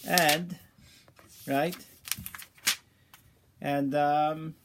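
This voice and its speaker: A man giving an informal Torah class, telling a story in a casual, halting way with many restarts, sprinkling in Hebrew and Yiddish terms, and getting animated as he builds his point. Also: on the high side, very noisy. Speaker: Torah teacher.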